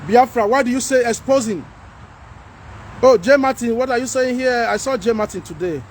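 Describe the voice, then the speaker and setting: A man with a Nigerian accent hosting a livestream, talking to viewers and reading their comments in an animated, pleading way. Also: very high voice, moderate pace, a little hiss or hum. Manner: animated, pleading, mixes in Pidgin. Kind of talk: casual livestream talk.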